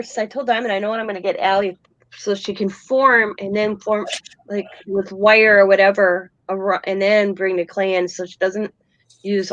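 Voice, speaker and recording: An older woman hosting a casual chat, telling lively stories about her granddaughter. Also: mid-range voice, no echo, lo-fi sound. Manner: animated storyteller, quotes her granddaughter. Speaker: host.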